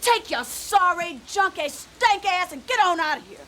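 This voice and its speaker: A woman's voice: extremely high pitch, animated, moderate pace. An actress playing a furious young wife who curses her addict husband, in a film clip. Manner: cursing, scornful, shouting. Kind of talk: film drama. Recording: film clip with background noise.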